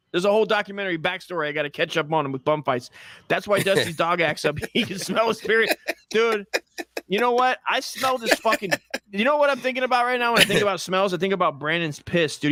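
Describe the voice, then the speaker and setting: Brief: ranting profane male co-host, high pitch, dry sound. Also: lively intonation, fast talker, bright, forceful tone, no room sound. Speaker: podcast co-host. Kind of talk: crude comedic casual chat.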